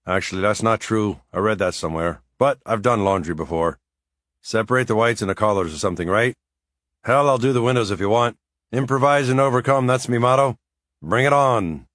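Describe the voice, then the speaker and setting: A man's voice: on the low side, fairly quick, fairly bright tone, dry recording, studio quality, natural voice. A man voicing a cheerful young Irish man who applies as a nanny, chatty and self-mocking, with an Irish accent. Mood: joking.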